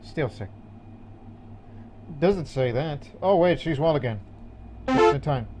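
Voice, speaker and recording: A man's voice: a little high, lively intonation, takes it slowly, darkish tone, a little hiss or hum. A man rambling through casual, jokey commentary while playing a video game. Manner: rambling and jokey, with many restarts. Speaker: gaming channel host. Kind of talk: casual let's-play commentary.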